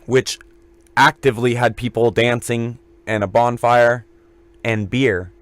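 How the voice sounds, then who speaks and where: Man, podcast co-host, loose joking storyteller, mid pitch, dry close sound. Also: steady tone, measured pace, dry recording. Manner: rambling, joking anecdotes. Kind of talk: casual storytelling.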